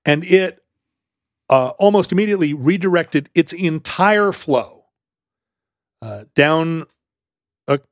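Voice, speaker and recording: A man's voice: fairly high pitch, lively intonation, takes it slowly, pauses often, dry recording, clean studio sound. A man co-hosting a podcast, telling a history story in a casual, rambling way with many restarts and fillers. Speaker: podcast co-host explaining history. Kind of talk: casual conversational explanation.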